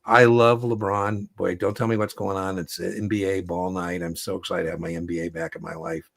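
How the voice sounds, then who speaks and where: A man hosting a casual livestream Q&A as an exam prep coach, chatty and animated, telling stories. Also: sits low, brisk, gravelly.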